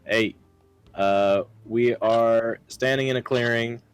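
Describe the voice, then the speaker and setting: A man's voice: mid-range voice, steady tone, takes it slowly, clear, resonant tone, dry recording, soft background music. A man playing a tabletop game, speaking casually and swearing easily. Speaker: player.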